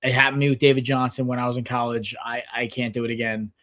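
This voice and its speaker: A man's voice: medium pitch, quick pace. A man in his thirties hosting a casual sports podcast, rambling with lots of fillers and restarts. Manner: rambling, filler-heavy, excitable. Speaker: podcast host.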